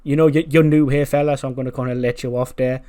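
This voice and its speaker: A man's voice: mid-range voice, fairly even intonation, fast, warm tone, natural voice. A man voicing a proud male wrestler who speaks in an aggrieved, condescending way while narrating a wrestling sim playthrough. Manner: aggrieved, condescending, says fella.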